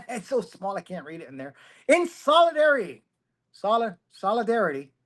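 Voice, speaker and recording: A man's voice: high voice, big pitch swings, normal speed, fairly bright tone. A middle-aged man hosting a casual commentary livestream from his phone, rambling and self-mocking, laughing often. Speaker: host.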